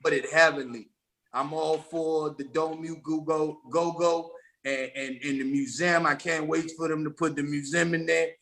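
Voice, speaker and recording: A man's voice: fairly high pitch, flat delivery, moderate pace, fairly bright tone. A man from DC, telling stories as a guest in a laid-back, rambling podcast conversation. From Washington DC. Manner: laid-back, rambling storytelling with frequent restarts. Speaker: guest rapper.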